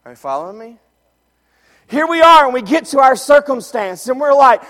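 Male pastor, sermon, high voice, storytelling, loud then hushed, long hall reverb. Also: animated, normal speed.

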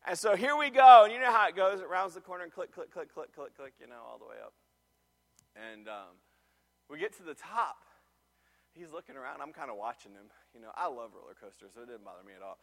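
A middle-aged man, preaching a sermon and telling a personal story, animated and full of restarts. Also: a little high, brisk, vocal fry. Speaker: pastor.

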